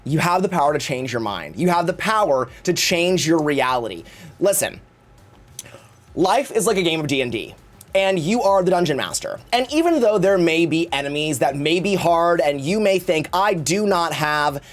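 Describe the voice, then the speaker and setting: A man's voice: on the high side, big pitch swings, moderate pace. A man streaming live, chatting casually in a campy, theatrical way and swearing freely.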